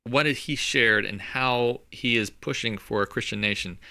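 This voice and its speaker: A man's voice: mid-range voice, unhurried, creaky, sharp tone. A man hosting a podcast, chatting casually and animatedly, laughing often and repeating words as he thinks aloud. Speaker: podcast host. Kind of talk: casual chat.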